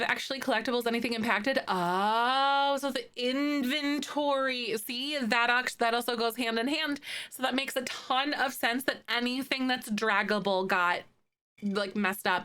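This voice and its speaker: Woman, live streamer, casual chat with viewers, giggly, bright tone. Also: fairly high pitch, clean tone. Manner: chatty, laughs often, filler-heavy.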